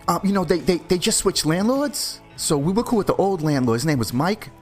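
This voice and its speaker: Nervous young thief, high stammering pleas, played by a man in a retelling. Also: big pitch swings, brisk, soft background music. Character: nervous young male burglar, stammering excuses.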